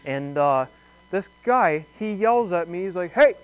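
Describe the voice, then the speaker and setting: A man's voice: high voice, animated, unhurried. A young man with a wry, rambling way of talking, doing a comic monologue to camera. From Thunder Bay, Canada. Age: young adult. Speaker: segment presenter.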